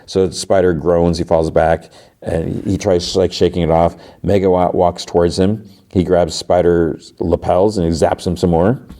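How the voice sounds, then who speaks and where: Deep, mellow man casually recapping. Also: flat delivery, moderate pace. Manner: loose retelling full of "like" and "uh". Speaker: podcast host.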